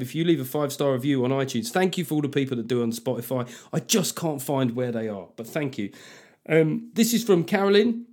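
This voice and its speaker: A man's voice: medium pitch, darkish tone. A middle-aged man hosting a comedy podcast, talking in a sweary, conversational way. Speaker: podcast host.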